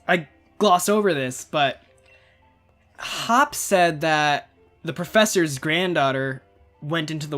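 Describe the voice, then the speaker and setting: Fairly high and a bit bright, this man's voice belongs to a gaming video creator in his twenties. He offers rambling, casual let's-play commentary while playing, chatting away and laughing often.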